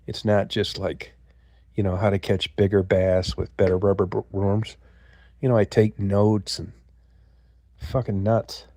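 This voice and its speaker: Older livestream host from the US, low mellow voice, gruff and profane, chatty monologue. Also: male voice, level tone, unhurried, no echo. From United States. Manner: profane, gruff, talks to chat viewers. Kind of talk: casual rambling monologue.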